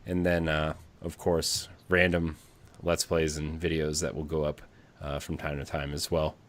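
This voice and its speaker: Deep-voiced man hosting a podcast. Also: little pitch movement, unhurried. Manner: rambling with many fillers and restarts. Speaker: podcast host. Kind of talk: casual podcast chat.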